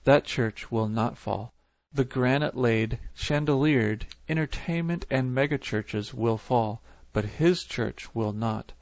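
A man narrating a religious dream account in a steady, measured reading voice. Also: mid-range voice, no echo. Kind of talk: scripted narration.

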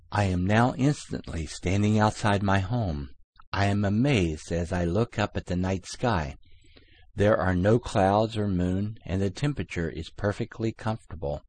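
A man narrating a dream account in a deliberate, solemn reading. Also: low-pitched, a little mellow. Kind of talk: scripted narration.

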